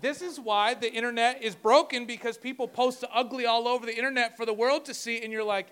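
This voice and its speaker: A man's voice: very high voice, brisk, few pauses, a bit bright. A man preaching a conversational sermon as pastor, joking and talking asides to himself.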